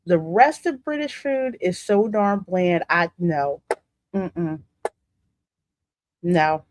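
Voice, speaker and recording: A woman with a Southern US accent hosting a casual reaction show, sassy and quick to laugh. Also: fairly low pitch, dry recording. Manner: sassy, animated, laughing often. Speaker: host reacting to videos.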